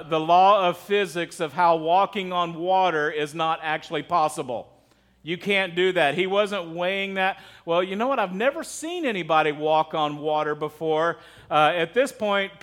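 A man's voice: sits high, a bit bright. A middle-aged man preaching as pastor, conversational and often asking his congregation questions. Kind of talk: sermon.

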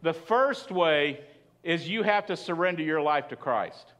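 A man's voice: on the high side, lively intonation, a little slow, fairly bright tone. A man preaching a sermon as pastor, chatty and asking the congregation questions. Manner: conversational, asks the congregation questions.

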